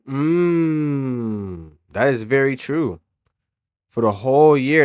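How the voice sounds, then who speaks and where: A man fires off blunt, profane reactions in casual slang, sometimes heated and sometimes lowering his voice. The recording is dry and close. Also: takes it slowly, clear, resonant tone, dry recording. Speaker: co-host. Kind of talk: casual commentary chat.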